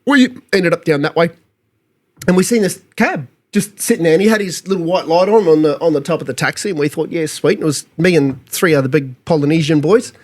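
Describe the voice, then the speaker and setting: A man's voice: a little high, fairly quick. A man telling a party story on a casual podcast, easygoing and laughing often. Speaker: podcast co-host.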